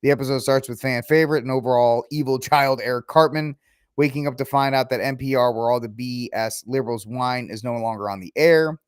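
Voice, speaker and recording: A man's voice: medium pitch, fairly quick, clear, resonant tone, no echo. Sarcastic man ranting on his podcast, dry sound. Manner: ranting, sarcastic, mocking asides. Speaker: podcast host. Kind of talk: opinionated solo commentary.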